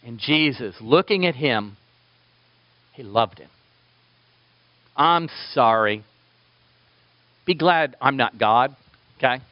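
A man preaching a sermon, swinging between loud emphatic lines and quiet asides, with playful remarks to his listeners. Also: medium pitch, unhurried, pauses often, dry recording, dull audio. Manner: animated preaching with sudden loud and soft turns, playful asides to the congregation. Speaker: pastor.

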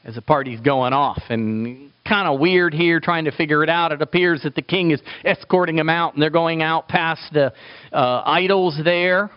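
A man preaching a sermon in an animated way, acting out quoted voices for humor. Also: a little high, moderate pace, clean tone, lo-fi sound.

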